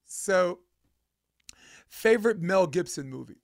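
High-voiced laughing male podcast host. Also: takes it slowly, creaky. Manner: laughs often, playful and lively. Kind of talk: casual chat.

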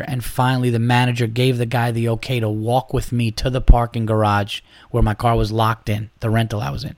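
A man hosting a podcast, telling stories in a casual, animated way, acting out quotes and swearing freely. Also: medium pitch, fast, no echo, studio quality. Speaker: podcast host. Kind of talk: casual chat.

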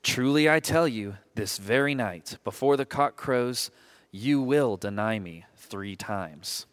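Man, scripture reader, solemn group reading, animated intonation, middle pitch. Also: takes it slowly.

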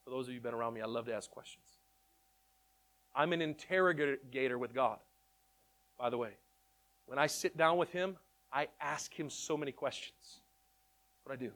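A man telling his testimony in an animated storytelling way, excitable and repeating words in quick bursts. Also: mid-range voice. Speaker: speaker sharing his testimony.

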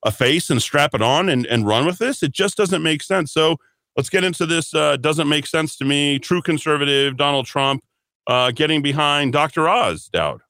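A man's voice: a little high, animated, moderate pace, bright, forceful tone, no echo, studio quality. A man hosting a political talk radio show, rambling and emphatic, calling his listeners folks and breaking into sarcastic asides. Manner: frequent restarts and sarcastic asides.

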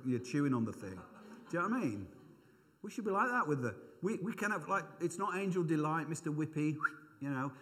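A man's voice: a little high, big pitch swings, brisk, a bit bright. A middle-aged man giving an informal, conversational sermon, thinking aloud with self-deprecating asides. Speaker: preacher. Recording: long hall reverb.

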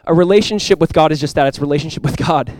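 A young man preaching a sermon as a pastor. He talks in a casual, conversational way with lots of "like," and swings from quiet, earnest lows to loud, excited highs. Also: rapid-fire. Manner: casual and conversational, with many "like" fillers.

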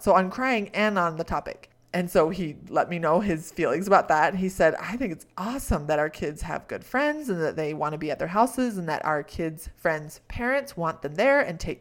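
A middle-aged woman talks through a personal story in a reflective coaching tone. She is candid and laughs at herself now and then. Her voice sits a little on the low side. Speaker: podcast host.

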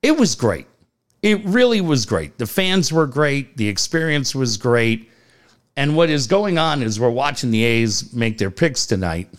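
A man's voice: medium pitch, sing-song, unhurried. A middle-aged man co-hosting a podcast, telling stories in casual chat, acting out the dialogue and swearing freely. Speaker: podcast co-host.

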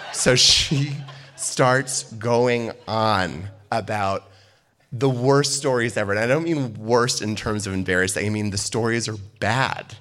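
A man with a somewhat low voice tells a story from his own life. He keeps it lively and animated, and he breaks into laughter again and again as he talks. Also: a little hiss or hum. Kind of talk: telling a personal anecdote.

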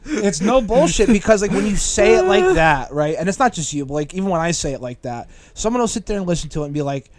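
A young man co-hosts a loose studio podcast, his voice sitting a little higher than most men's. He rambles through stories, swears freely and keeps stumbling over the starts of his sentences. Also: expressive, fast, few pauses, over a noisy crowd. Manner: rambling storyteller, swears often, lots of restarts. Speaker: podcast co-host. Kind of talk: casual chat.

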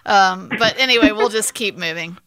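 A woman's voice: medium pitch, moderate pace, fairly bright tone, smooth, no room sound. A woman co-hosting a podcast, dropping in wry, joking remarks during casual chat.

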